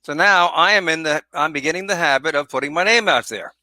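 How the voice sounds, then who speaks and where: A man's voice: a little high, fast talker, sharp tone, no room sound. A man guest joining a casual chat, joking and talkative.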